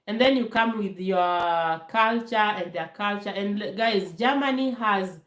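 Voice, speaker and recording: A woman telling stories in a casual live Q&A, animated and full of fillers, acting out voices when she quotes people. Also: mid-range voice, a little slow. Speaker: vlogger answering viewer questions. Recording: echoey room.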